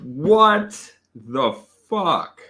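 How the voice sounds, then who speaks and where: A man hosting a casual livestream whiskey tasting. He is excitable and profane, bursts into amazed exclamations, and answers viewer chat. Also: a little high, very slow. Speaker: whiskey reviewer and host.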